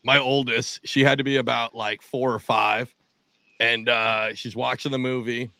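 A man with a gravelly voice, co-hosting a podcast in casual, joking banter. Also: mid-range voice, flat delivery, measured pace, pushed and bright, no room sound. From South Jersey. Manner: joking, teasing. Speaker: podcast co-host.

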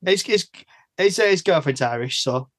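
A man's voice: on the high side, expressive, normal speed, no echo. A British man chatting as a podcast guest, rambling, restarting his sentences and laughing between thoughts. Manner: rambling, self-interrupting, laughs often. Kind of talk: casual chat.

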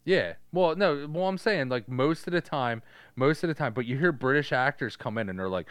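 A man co-hosting a podcast, chatting loosely about a movie, swearing freely and slipping into quick impressions. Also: mid-range voice, expressive, a bit bright, clear, resonant tone, dry recording. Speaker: podcast co-host. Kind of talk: casual movie chat.

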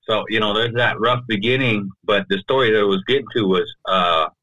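A low-voiced man sits in as a podcast guest and tells a personal story, his tone bright and pushing forward. He talks loosely and keeps reaching for "you know" and "right?". The sound is dry and close, with no room echo. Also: brisk, dull audio. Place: podcast studio.

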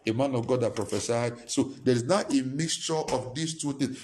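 A male pastor, preaching a sermon with impassioned repetition and sudden high-pitched emphasis. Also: moderate pace, few pauses.

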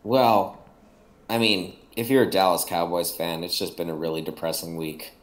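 A man co-hosting a podcast in casual chat, with a low, gloomy, flat-sounding delivery. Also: normal speed. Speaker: podcast co-host.

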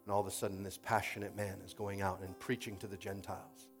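A man preaching a sermon in an animated storytelling way, acting out quoted voices and swinging from loud bursts to quiet passages. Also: fairly low pitch, fast talker, faint music behind.

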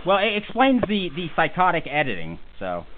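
A man's voice: high voice, huge pitch swings, moderate pace. A man hosting a podcast in casual chat, rambling and joking at his own expense. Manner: rambling, joking, self-deprecating. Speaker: podcast host. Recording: tinny phone-like audio with faint hiss.

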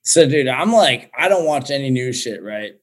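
A young man telling a story in casual chat, swearing a lot and talking in an animated way. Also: mid-range voice, moderate pace. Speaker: guest.

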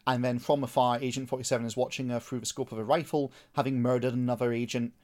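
A man's voice: mid-range voice, little pitch movement, fast talker, a little mellow. A man giving a blunt, mocking film plot summary in casual podcast chat.

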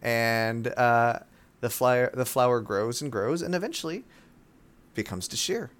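A man's voice: medium pitch, a little slow. Guy running a tabletop game, bouncy up and down voice, jokes about his own characters. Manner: animated, laughing, self-deprecating. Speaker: game master.

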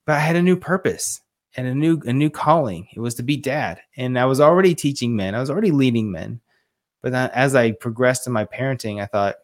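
A man in his forties talks earnestly as a podcast guest, a fatherhood coach retelling a moving story. His voice sits at an ordinary middle pitch and he gets audibly emotional, slipping into the voices of the people he quotes. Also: lively intonation, fast. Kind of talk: casual interview storytelling.

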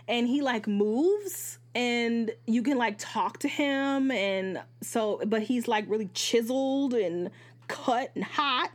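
A woman's voice: on the high side, normal speed. A woman hosting a podcast, giving a casual, candid book review. She swears freely and often jumps into asides and corrects herself. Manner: animated, jumps between asides and self-corrections. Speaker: podcast host reviewing books.

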